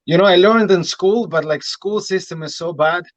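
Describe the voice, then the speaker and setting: A man's voice: high-pitched, normal speed. Frank Russian-born man with slight Irish lilt. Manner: frank, blunt, swears freely, leans on "you know". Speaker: guest fighter. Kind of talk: casual interview chat. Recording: dull lo-fi dry sound.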